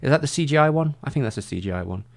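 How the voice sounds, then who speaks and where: A man's voice: medium pitch, expressive, very fast, creaky. A man chatting casually on a livestream, rambling and saying "like" constantly. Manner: rambling, heavy use of "like".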